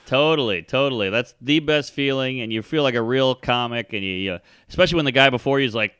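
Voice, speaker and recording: A man comedian chatting as a guest, firing off crude, animated jokes. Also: medium pitch, clear, resonant tone, dry recording, clean studio sound. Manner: fast, crude, animated punchlines. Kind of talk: casual chat.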